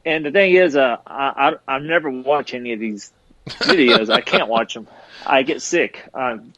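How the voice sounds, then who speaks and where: A laid-back middle-aged man tells stories on a casual podcast, rambling along and dropping "man" into his sentences. His voice sits at an ordinary pitch. The audio is dry and a bit muffled. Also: moderate pace, sharp tone, no room sound. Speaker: podcast co-host and former tour manager. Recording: slightly dull lo-fi audio.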